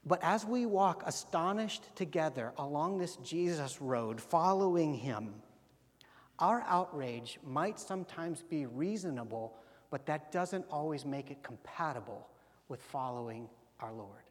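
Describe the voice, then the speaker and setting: A male pastor preaching a sermon, dropping to hushed slow emphasis and rising to loud, animated bursts. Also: on the high side. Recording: long hall reverb.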